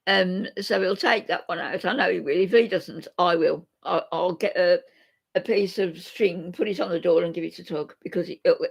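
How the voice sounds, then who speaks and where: An older woman with a lowish voice and vocal fry talks openly to live viewers as a vlogger, rambling and reading their comments aloud during an emotional chat.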